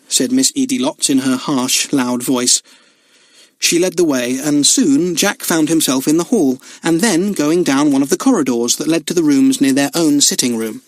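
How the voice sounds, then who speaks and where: A man reads a children's book aloud in an expressive storytelling voice. His pitch is slightly high and moves a great deal, and the recording is close and dry with no room around it. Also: normal speed, dry recording. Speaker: audiobook narrator. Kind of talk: scripted narration of a children's book.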